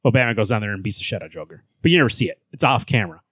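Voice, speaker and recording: A young man hosting a podcast in casual chat, talking in an animated, exasperated, sweary way. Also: lowish voice, racing, slightly rough, no room sound. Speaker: podcast host.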